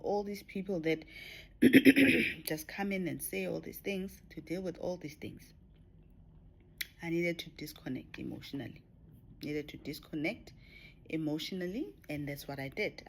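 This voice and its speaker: Female vlogger with a low voice, reflective and intimate; light background noise. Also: animated, normal speed, gravelly. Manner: reflective, drifts into soft whispers and laughs. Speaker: spiritual vlogger. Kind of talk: personal spiritual talk to camera.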